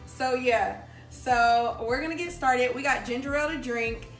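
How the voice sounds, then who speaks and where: A woman's voice: sits high, unhurried. A woman hosting a casual mukbang vlog, chatting with the viewers and calling them y'all. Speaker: vlog host. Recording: echoey room with music.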